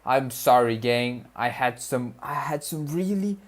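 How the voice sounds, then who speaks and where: A man's voice: medium pitch, expressive, a little slow. A young man, a student streamer, chatting casually with his viewers, rambling, repeating himself and joking in slang. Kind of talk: casual livestream chat with viewers.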